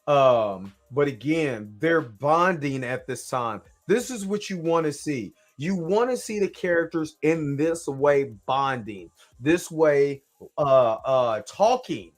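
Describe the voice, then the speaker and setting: Talkative man from Kansas City. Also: a little high. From Kansas City, USA. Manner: talkative, repeats "you know what I'm saying", restarts. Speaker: show host reviewing an episode. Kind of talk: casual live reaction commentary.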